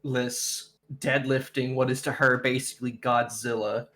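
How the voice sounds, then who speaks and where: A man's voice: mid-range voice, flat delivery, measured pace, a bit bright. A man playing in a tabletop game, hesitant and often repeating words. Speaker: player. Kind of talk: tabletop role-play.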